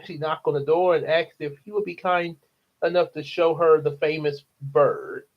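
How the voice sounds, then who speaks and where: On a lo-fi recording, a slightly high-voiced man leisurely reads a children's novel, breaking off for friendly asides and laughter as a casual storyteller.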